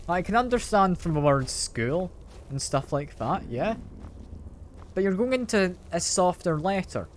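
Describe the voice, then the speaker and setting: A man's voice: sits high, big pitch swings, measured pace, slight background noise. A man streaming a game, chatting casually with his chat and playfully defending how he says a word. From Britain.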